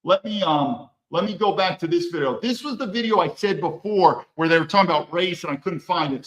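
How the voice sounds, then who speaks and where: A man's voice: high-pitched, a little fast, hardly any pauses. A man hosting a political commentary monologue, talking bluntly and emphatically, with some profanity. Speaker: host.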